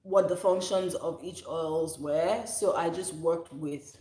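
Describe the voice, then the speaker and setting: A woman's voice: sits low, steady tone, slow, dark tone. A woman in her thirties, a soap maker talking casually in a rambling, self-correcting way. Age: 30s. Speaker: soap maker, channel host. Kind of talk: casual chat. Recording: echoey room.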